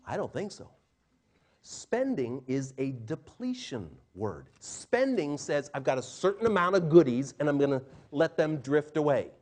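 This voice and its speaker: A middle-aged man, a communication trainer, giving an animated live seminar talk to a room and acting out quotes in changing voices. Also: on the high side, measured pace.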